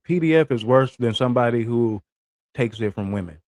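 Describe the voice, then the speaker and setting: A man's voice: mid-range voice, a little fast, darkish tone, no echo. A young American man giving blunt, slangy livestream commentary and asking his viewers questions. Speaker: livestream reaction host.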